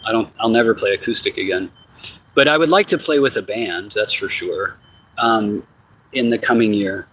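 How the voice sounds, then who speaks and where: Husky man rambling casually. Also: lowish voice, normal speed, a bit bright, rough recording. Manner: loose and profane, slangy asides. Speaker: musician giving a channel update. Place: outdoors on a hot evening.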